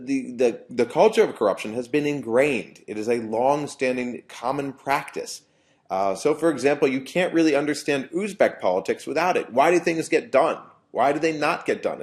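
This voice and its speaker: A man, a professor, giving a university lecture in an explanatory way, often restarting phrases. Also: mid-range voice.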